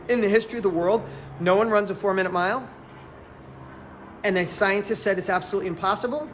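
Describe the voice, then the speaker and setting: A man coaching a live audience in a motivational training, emphatic and fervent, repeating phrases for emphasis and swinging between loud and quiet. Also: high-pitched, slight background noise. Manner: fervent, emphatic, pep-talk delivery.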